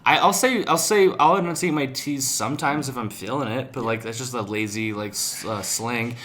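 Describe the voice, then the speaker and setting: A man's voice: medium pitch, normal speed, fairly bright tone. A young man talks through a casual podcast chat. He rambles, swears freely and trips over his own words as he goes. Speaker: podcast co-host.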